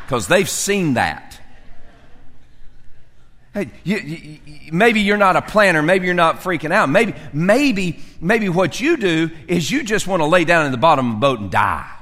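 A man preaching a sermon as pastor, acting out characters and swinging from loud to hushed. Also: on the high side, big-room sound.

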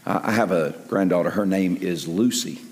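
An older man preaching a sermon in an animated way, dropping to near-whispers and then rising to loud emphasis. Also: deep voice, moderate pace. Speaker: pastor. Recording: echoey hall with long reverb.

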